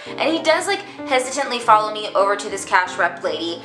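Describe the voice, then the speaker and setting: A young adult woman tells a dramatic, chatty storytime vlog, saying "like" constantly. Her mid-range voice is very animated and a little fast. The room is echoey, with background music playing.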